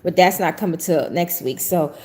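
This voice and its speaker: A woman's voice: fairly low pitch, moderate pace, warm tone. A middle-aged woman hosting a prophetic talk show, chatting casually and laughing often. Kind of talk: casual livestream chat.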